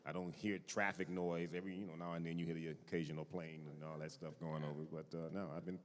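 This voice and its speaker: A man's voice: deep voice, level tone, fast talker. A man speaking as a voice-acting panelist, easygoing and laid-back, in casual convention talk. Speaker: panelist voice actor. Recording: echoey convention hall.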